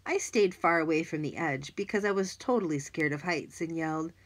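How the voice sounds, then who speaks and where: A woman narrating a children's audiobook in an expressive, lively way. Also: sits low, a little fast. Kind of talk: scripted narration.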